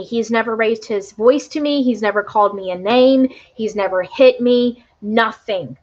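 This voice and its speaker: A woman with a slightly high, darkish voice reads tarot for her live-stream viewers. She talks earnestly and emotionally, often tossing in a quick "right?" to check in. The stream's audio sounds dull and lo-fi.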